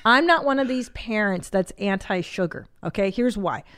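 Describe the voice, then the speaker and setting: Middle-aged woman host, casual advice chat, blunt and profane, mid-range pitch. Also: lively intonation, moderate pace, fairly bright tone. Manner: blunt, brash, swears freely. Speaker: podcast host.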